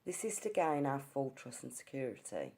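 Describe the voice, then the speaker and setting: A woman's voice: a bass voice, big pitch swings, moderate pace, mellow, husky. A woman narrating her ghost-hunting experience in an earnest, storytelling way, sometimes restarting her words. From England. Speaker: ghost hunter. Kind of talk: narrated ghost-hunt account.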